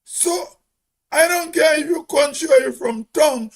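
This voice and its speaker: High, slow-talking Grenadian man. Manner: emphatic, repeats words for stress. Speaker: host. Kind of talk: casual monologue.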